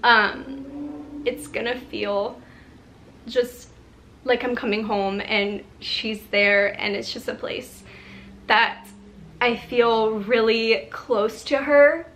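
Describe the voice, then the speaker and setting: A young woman in her twenties talking in an unscripted vlog, halting and close to tears, with many restarts and pauses. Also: on the high side, steady tone, fairly bright tone, a little hiss or hum. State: on the verge of tears. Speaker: lifestyle vlogger. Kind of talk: emotional unscripted vlog talk.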